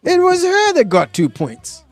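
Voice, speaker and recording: A man hosting a casual live stream, animated and hesitant, laughing often as he talks. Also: very high-pitched, unhurried, soft background music. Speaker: host.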